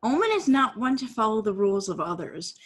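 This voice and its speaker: A bubbly woman co-hosting a fan podcast, chiming in often. Her voice is a little high and bright for a woman. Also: big pitch swings, brisk. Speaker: podcast co-host. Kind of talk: casual fan podcast chat.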